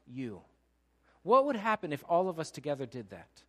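Preaching as a pastor, this middle-aged man alternates between forceful, loud delivery and soft personal anecdotes. His pitch is medium, his pace normal, and he is very animated.

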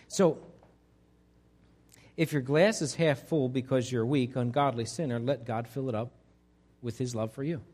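A pastor preaching a conversational sermon to his congregation, swinging between loud emphasis and quiet, hushed lines. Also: mid-range voice. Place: church sanctuary.

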